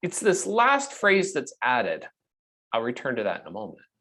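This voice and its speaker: Lively, emphatic male preacher. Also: medium pitch. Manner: emphatic, repeats key phrases with rising stress; reads scripture quotes slowly with added inflection. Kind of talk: expository sermon.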